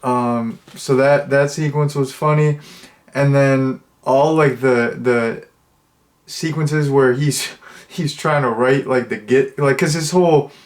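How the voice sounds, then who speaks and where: Young male reviewer, casual and rambling, average pitch, filler-heavy delivery. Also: takes it slowly. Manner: rambling, full of "like" and restarts. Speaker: movie reviewer.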